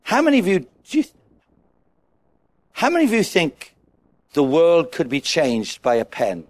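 A man preaching a sermon to a congregation, animated and asking them questions. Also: fairly high pitch, a little slow. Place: church with a congregation.

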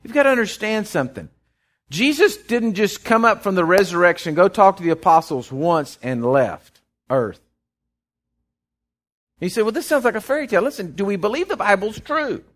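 A man's voice: high-pitched, fairly bright tone. A man preaching a folksy sermon, often repeating words as he goes. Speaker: pastor.

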